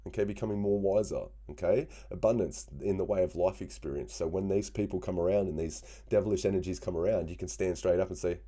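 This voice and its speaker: A man's voice: deep voice, dark tone, slightly rough. A man giving a casual tarot reading, often checking in with "okay?" and "yeah?" as he explains the cards. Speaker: tarot reader.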